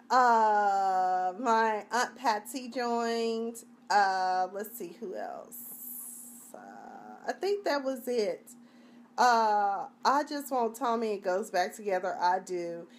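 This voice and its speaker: A woman's voice: mid-range voice, very slow. A woman hosting a casual live-stream review, talking in a chatty, rambling, slangy way. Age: adult (junior high long ago).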